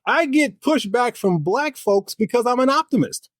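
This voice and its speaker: A man's voice: very high-pitched, lively intonation, normal speed, fairly bright tone, dry recording, clean studio sound. A middle-aged man, a life coach and author, speaking emphatically and upbeat as a podcast guest. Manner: emphatic, upbeat, repeats key phrases. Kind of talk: podcast interview.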